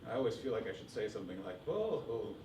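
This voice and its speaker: A man performing live stand-up comedy, energetic, jumping into loud mock voices. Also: lowish voice, rapid-fire, noisy background. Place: comedy club stage. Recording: roomy live club sound, distant mic, loud crowd laughter. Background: audience laughing.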